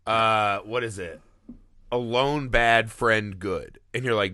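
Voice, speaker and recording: A man talking on a podcast with a bright, forceful voice, animated and swearing freely while he acts out scenes. The sound is dry and close to the mic, with no room around it. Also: on the low side, slow, smooth, no room sound. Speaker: podcast co-host. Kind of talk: casual podcast chat.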